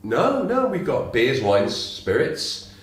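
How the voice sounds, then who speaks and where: A man's voice: medium pitch, huge pitch swings, slow pace, voice pushed up. A man voicing an exasperated male barman in a joke, speaking in a raised, impatient, blustering voice. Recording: echoey room.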